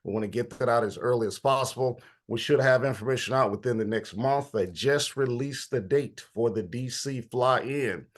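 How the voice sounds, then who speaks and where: A man's voice: mid-range voice, normal speed, few pauses. A man hosting an online policy meeting in a casual, informal way, a little stuffy and congested. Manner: informal, greets attendees by name. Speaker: host of policy talk.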